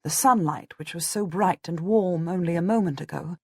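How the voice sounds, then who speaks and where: A woman narrating a first-person historical novel as an audiobook, in a measured, solemn delivery. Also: on the low side, slightly rough, no room sound, clean studio sound.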